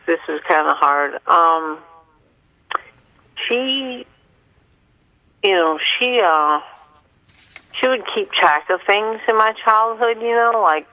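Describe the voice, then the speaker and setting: A woman calling in to a radio show, speaking haltingly with many pauses and fillers. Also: on the low side, no echo. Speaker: caller. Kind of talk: call-in radio confession. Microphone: telephone. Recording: muffled phone line.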